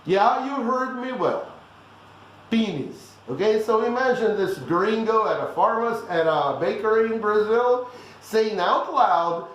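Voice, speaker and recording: A man's voice: high-pitched, expressive, measured pace, heavy reverb, a little hiss or hum, rough recording. A man giving a blunt, teasing pronunciation lesson that keeps checking in with the listeners. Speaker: language teacher.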